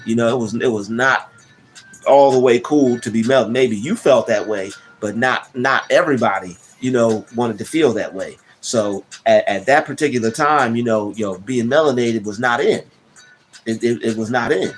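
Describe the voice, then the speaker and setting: A man's voice: mid-range voice, moderate pace. A man hosting a casual livestream, rambling with many restarts and slang fillers while reading the chat. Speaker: livestream host. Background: soft background music.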